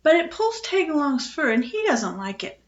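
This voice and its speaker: A woman voicing an eager young boy who makes excuses, with a raised, bright voice. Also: high voice, very animated, normal speed, reverberant, dull audio, voice pushed up.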